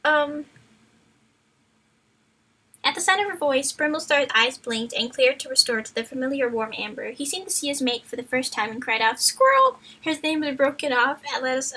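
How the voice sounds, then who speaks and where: A woman's voice: high-pitched, moderate pace, bright, forceful tone, rough recording. A woman streamer reading a book aloud to friends, playful and chatty, stumbling and going off on tangents. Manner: playful, chatty, loses her place in the text. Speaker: streamer, reader.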